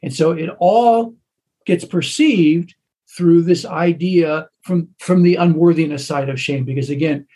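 A man who is an author talking in a casual conversation, halting, with many restarts. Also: on the high side, mellow.

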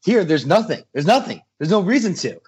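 A man's voice: high-pitched, sing-song, a little fast, darkish tone, slightly rough, highs cut off. A young man co-hosting a podcast movie review, blunt and profane, often restarting his sentences. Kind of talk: casual chat.

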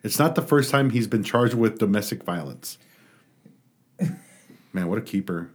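A man's voice: on the low side, lively intonation, moderate pace. Joking man reading news aloud. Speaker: podcast co-host. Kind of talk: casual group chat.

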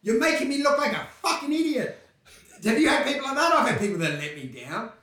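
Animated, high-voiced man, off-mic. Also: quick pace, distant mic. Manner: animated, swearing, mocking impressions. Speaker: podcast co-host. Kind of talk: casual comedic chat. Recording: roomy, off-mic.

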